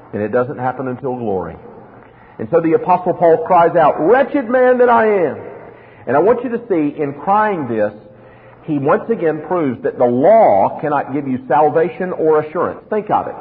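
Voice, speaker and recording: A male pastor with a slightly high, sing-song voice preaches an expository sermon at normal speed, posing rhetorical questions and acting out little dialogues. The recording is tinny and lo-fi, made in a reverberant hall.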